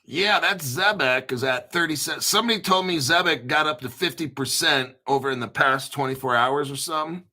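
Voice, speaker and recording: A man hosting a casual crypto livestream, rambling excitedly with frequent laughs and restarts. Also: fairly high pitch, a little fast, hardly any pauses.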